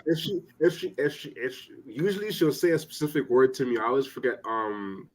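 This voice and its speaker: A man's voice: medium pitch, brisk, darkish tone, poor audio. Young man rambling in casual chat. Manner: rambling, lots of "like" and restarts.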